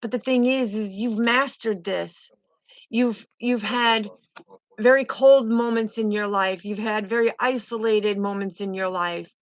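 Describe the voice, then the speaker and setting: A woman's voice: mid-range voice, unhurried, dry recording, low-quality recording. A woman giving a spiritual tarot reading in a fervent, emotive way, often repeating herself. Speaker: tarot reader.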